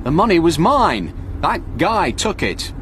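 A man voicing Frank, an excited young man who protests that the money is his. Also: on the high side, measured pace, slight background noise, voice pushed up. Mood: protesting.

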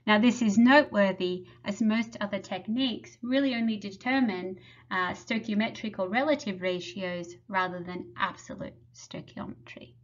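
Woman presenting her lab's research. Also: medium pitch. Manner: measured, explanatory. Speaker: lab head presenting research. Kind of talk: prepared webinar presentation. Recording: slightly muffled webinar audio.

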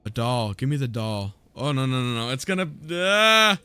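A man's voice: medium pitch, sing-song, moderate pace, sharp tone, a little hiss or hum. A man casually commenting as he plays a horror video game, joking, swearing and reading lines aloud. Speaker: gaming streamer. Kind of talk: casual let's play commentary.

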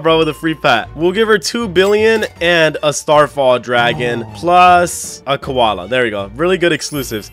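Young man, gaming commentary, high voice, swooping pitch, excitable, laughs a lot. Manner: excitable, laughs often, says bro and dude. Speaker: gaming YouTuber. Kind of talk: casual gameplay commentary.

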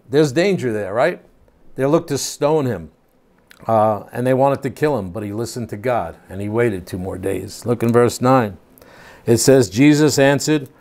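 A man's voice: medium pitch, a little mellow. An older man teaching a home Bible study, reading scripture aloud and then explaining it in plain, casual asides.

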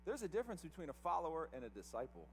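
A man preaching a sermon as pastor, animated, acting out quoted voices to tell the story. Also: a little high, very fast, long reverb tail, a little hiss or hum. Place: church sanctuary.

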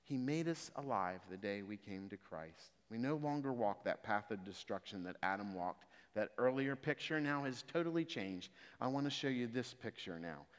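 A man preaching a sermon, moving from calm explanation of scripture to loud, emphatic exhortation. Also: medium pitch, normal speed, hardly any pauses, clear, resonant tone. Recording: reverberant hall.

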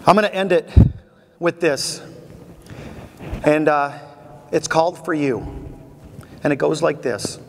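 A middle-aged man giving a motivational keynote speech, telling stories with animated energy and drawing call-and-response from the audience. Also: a little high, slow pace, pauses often. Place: large convention hall. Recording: echoey convention hall, faint noise.

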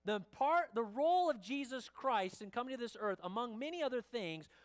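A pastor preaching a sermon in a church, slow and emphatic, dropping the voice low at the ends of phrases and asking the congregation direct questions. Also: expressive.

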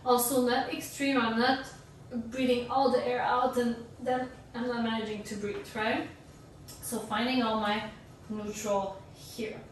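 A young woman teaching an online dance workshop, coaching core exercises in a relaxed, chatty way with little jokes. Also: a little high, a little slow, slight background noise. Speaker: dance instructor. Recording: roomy echo, distant from the mic.

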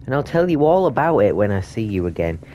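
A man doing horror game commentary, swearing a lot and sounding exasperated and excitable. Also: on the low side, fast, muffled recording, a little hiss or hum. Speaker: gaming YouTuber.

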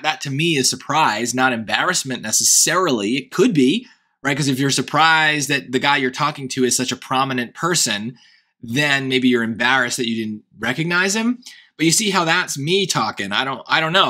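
A man's voice: fairly high pitch, bright, forceful tone. A man with a Long Island accent tutoring SAT reading, thinking aloud through answer choices with frequent hesitations and restarts. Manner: hesitant, self-questioning, many restarts. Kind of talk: thinking-aloud test prep lesson.

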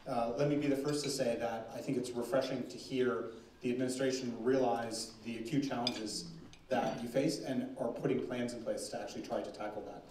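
A man's voice: mid-range voice, darkish tone. A man moderating a question-and-answer session at a forum, with light, joking asides. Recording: echoey conference room, distant mic, faint noise.

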